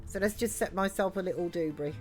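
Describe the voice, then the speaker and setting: Woman game streamer, chatty and giggly, fairly low voice, faint music behind. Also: quick pace. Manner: chatty, giggly, reads chat aloud. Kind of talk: live let's-play chat.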